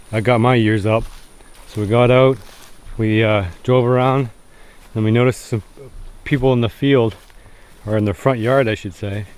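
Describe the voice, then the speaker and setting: A man with a fairly low, clean-toned voice narrates a survival challenge vlog outdoors in rural fields at dusk. He's chatty and speaks straight to viewers, calling them guys.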